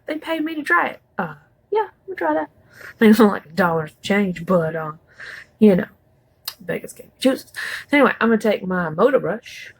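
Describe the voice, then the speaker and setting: A woman's voice: mid-range voice, gravelly, breathy edge, rough recording. A woman chatting casually through a makeup tutorial, rambling with folksy asides. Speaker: beauty vlogger.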